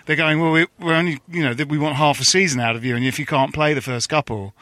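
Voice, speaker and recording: An Englishman co-hosting a podcast in casual chat, chatty and quick to agree. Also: fairly high pitch, fairly even intonation, sharp tone, no echo. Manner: chatty, backchannels a lot with short agreements.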